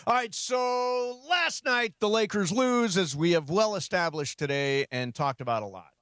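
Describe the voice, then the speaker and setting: A man's voice: sits high, moderate pace, a bit bright, clean tone, dry recording, studio quality. A man hosting a sports radio show, talking casually and laughing often.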